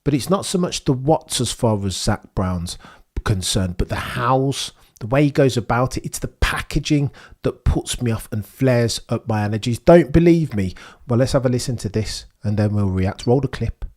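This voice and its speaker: A middle-aged man hosts a racing news channel with indignant, theatrical commentary. His voice sits at an ordinary pitch, and he talks directly at the people he is criticizing. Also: expressive, normal speed, darkish tone. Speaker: F1 news host. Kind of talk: opinionated commentary on a clip.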